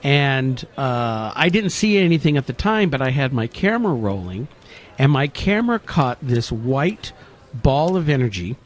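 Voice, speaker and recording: Male paranormal investigator, mid-pitch, unhurried radio storyteller. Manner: relaxed storytelling with frequent fillers. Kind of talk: casual radio chat.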